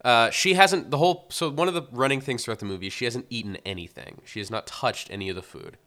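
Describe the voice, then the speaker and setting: Bright, crisp-voiced man ranting about a film. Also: mid-range voice, fast talker. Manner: animated, exasperated retelling with acted-out quotes. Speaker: podcast co-host. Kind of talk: casual film review chat.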